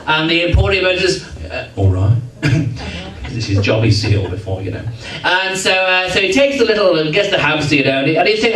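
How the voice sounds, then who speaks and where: A slightly high, animated and somewhat bright voice carries this English entertainer's brisk comic tale before a live audience. Chatty, teasing and playfully pompous, he's heard from far away in an echoing hall among the crowd.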